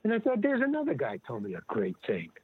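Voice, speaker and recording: A man's voice: a little high, huge pitch swings, fast talker, husky, no echo. Older man rambling over a tinny line. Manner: rambling, digressive, acts out quoted dialogue. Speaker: guest actor and comedian. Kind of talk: casual conversational storytelling. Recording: tinny dry phone-like line.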